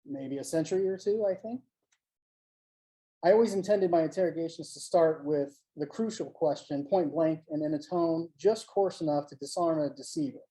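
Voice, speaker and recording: An author giving a live online reading of a first-person short story, in a steady, measured storytelling manner. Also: medium pitch, poor audio. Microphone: home mic on a live online stream.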